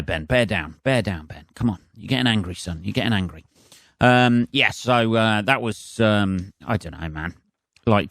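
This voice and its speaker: A man, a stand-up comedian, rants alone into a close, dry podcast mic. His voice sits fairly low, and his delivery is sarcastic and heavy with swearing. He keeps breaking into mocking impressions as he goes. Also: no room sound. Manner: sweary, sarcastic, mimics voices mid-rant. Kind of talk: solo comedic rant.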